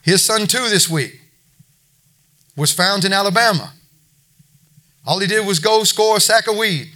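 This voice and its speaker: A middle-aged man delivering an informal sermon to a congregation. His voice sits high and sounds bright and forward. He talks in a folksy, conversational way, circling back and repeating himself as he makes his points. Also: lively intonation, a little slow. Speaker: preacher at a recovery ministry.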